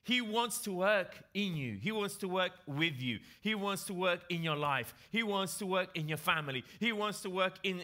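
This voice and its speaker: A man's voice: high voice, pushed and bright. A man preaching a sermon to his congregation, emphatic and repeating key phrases for effect.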